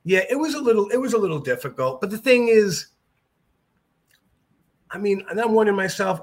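Middle-aged man, high-pitched voice, animated storyteller, jokey. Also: fairly quick, pauses often. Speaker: podcast guest, jiu-jitsu black belt. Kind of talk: casual storytelling.

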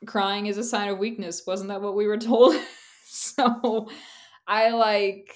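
A woman's voice: medium pitch, steady tone, slow pace. A young woman co-hosting a podcast in casual chat, candid and rambling, laughing often and filling her talk with "like". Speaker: podcast co-host.

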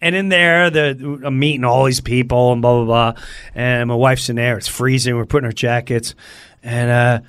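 A middle-aged male comedian telling an animated story as a guest, acting out other people's voices in the quotes. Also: medium pitch, moderate pace, clean tone, no echo.

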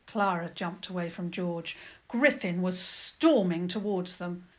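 A woman narrating a children's adventure story in a lively, expressive storytelling manner. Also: fairly low pitch, unhurried.

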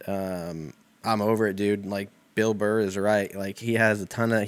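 A young man talking in a rambling, profane, laid-back comedic monologue full of fillers. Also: fairly low pitch.

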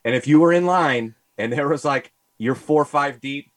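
Profane, animated man telling rants. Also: mid-range voice, moderate pace, no echo. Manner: rants and mimics people in stories. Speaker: podcast co-host. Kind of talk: casual chat.

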